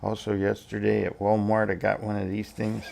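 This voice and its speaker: A man's voice: lowish voice, completely flat delivery, normal speed, creaky, darkish tone, slight background noise. A man in his sixties, a tarot reader chatting on a casual vlog at home, rambling and easygoing as he thinks aloud.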